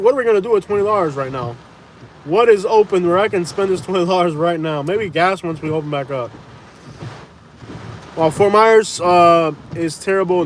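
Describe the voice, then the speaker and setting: A man with a slightly high voice chats and jokes his way through a live stream, repeating phrases and laughing easily. He talks from inside a running truck, with a faint engine hum and storm noise underneath. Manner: jokey, laughs often, repeats phrases playfully. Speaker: live-stream host reading viewer comments. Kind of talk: casual live-stream chat. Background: engine hum, wind and rain.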